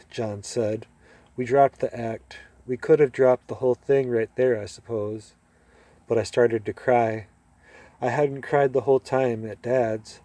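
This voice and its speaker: A man reads a short story aloud in a mellow, warm voice. He tells it expressively and shifts into the characters' lines. The recording is dry and close, with no room sound. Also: medium pitch, measured pace, no echo. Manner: expressive, acts out dialogue. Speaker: reader.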